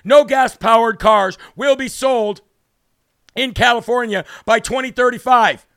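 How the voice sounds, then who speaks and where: A man's voice: very high-pitched, unhurried, a bit bright, smooth, no room sound, studio quality. A man hosting a political talk show, delivering a heated, combative commentary monologue with an indignant, mocking tone.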